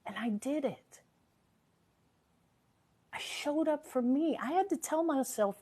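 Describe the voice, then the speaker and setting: A woman hosts a casual live stream, talking earnestly and motivationally and repeating phrases for emphasis. Still recovering from a sore throat, her high, warm, animated voice sounds a little worn and moves slowly with frequent pauses.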